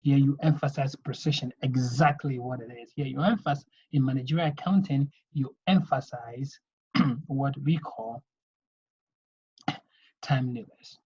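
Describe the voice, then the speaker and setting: A man's voice: medium pitch, normal speed, a little mellow, husky. A man teaching an accounting lesson, explaining step by step and often checking in with "okay?". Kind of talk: video lesson lecture. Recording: dull lo-fi recording.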